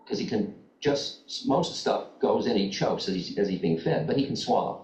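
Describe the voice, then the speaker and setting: A man giving a spiritual talk, telling stories in a wry, candid, conversational way with gentle humor. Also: fairly low pitch, animated, fairly quick. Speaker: spiritual teacher. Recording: echoey, distant, dull archival lecture tape.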